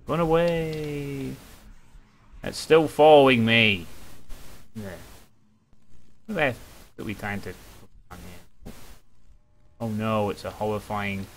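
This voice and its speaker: A man's voice: mid-range voice, slow, pauses often. A young man commentating a horror game, wry and jokey, breaking into yelps and laughter. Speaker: gaming streamer.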